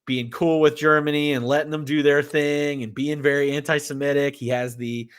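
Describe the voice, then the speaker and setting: A man's voice: fairly high pitch, moderate pace, smooth. A man co-hosting a podcast, recapping a film in casual chat and acting out lines from its scenes. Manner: animated, acts out quotes from scenes. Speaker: podcast co-host. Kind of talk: casual movie discussion.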